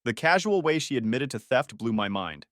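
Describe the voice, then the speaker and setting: A male narrator tells a first-person story with tense, dramatic pacing. His pitch swings widely as he builds the scenes. The sound is dry and close, with no room around it. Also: big pitch swings, normal speed, a bit bright, no echo.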